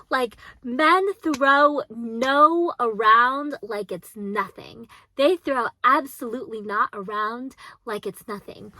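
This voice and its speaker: A woman's voice: high-pitched, bright, forceful tone, dry recording. A woman in her twenties giving casual advice to her viewers, emphatic and repetitive, swearing now and then. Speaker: vlogger.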